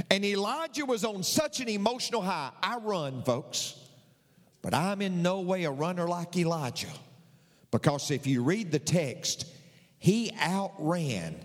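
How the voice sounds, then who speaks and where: An older man preaching a sermon, emphatic and folksy, hammering his points home with repetition and humor. His voice sits a bit high and swings widely in pitch. The sound rings with the long reverb of a large church hall. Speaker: pastor.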